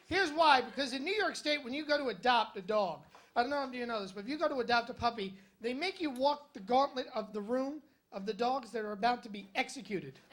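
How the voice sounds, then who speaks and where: A man's voice: very high voice, bright, forceful tone, slight background noise. A male stand-up comedian telling jokes and stories on a comedy club stage in a wry, conversational way, with punchy jokes. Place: comedy club stage in front of a live audience.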